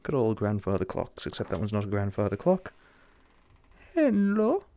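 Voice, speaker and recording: A young English man commenting jokingly and sarcastically while playing a horror game, getting excited easily. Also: fairly low pitch, fast, gravelly, no room sound. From England. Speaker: gamer.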